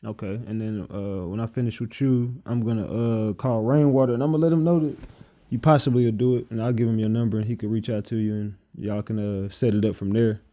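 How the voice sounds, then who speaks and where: A man's voice: lowish voice, steady tone, brisk, dark tone. A man interviewing a guest, asking blunt, probing questions in a casual way.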